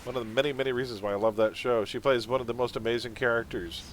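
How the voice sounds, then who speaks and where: A man's voice: medium pitch, fairly even intonation, fast, a little hiss or hum. A man chatting casually while live-streaming a game, laughing often and drifting into pop-culture tangents.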